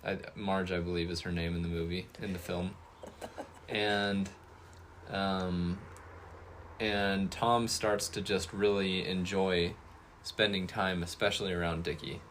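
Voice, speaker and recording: A man with a very low voice co-hosts a laid-back review podcast. He rambles and hesitates, with lots of fillers and false starts as he talks. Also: fairly even intonation, measured pace, a bit bright, a little hiss or hum. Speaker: podcast co-host. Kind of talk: casual movie review chat.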